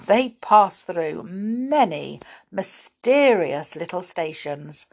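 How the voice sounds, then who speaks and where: A woman reads a children's storybook aloud at a slow, gentle pace. Her voice sits fairly low but moves with lively ups and downs, and she chats to her listeners between passages. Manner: unhurried, with chatty asides to listeners.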